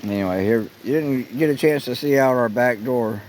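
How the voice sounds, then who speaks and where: A man filming a relaxed, rambling camping vlog at an outdoor campsite on a handheld camera. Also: mid-range voice, normal speed, poor audio. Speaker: vlogger. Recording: faint outdoor noise.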